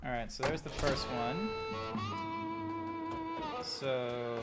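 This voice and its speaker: A man's voice: medium pitch, drawn-out words. Rambling man streaming a game. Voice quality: rambling, lots of fillers and asides. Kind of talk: casual gameplay commentary. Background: music playing.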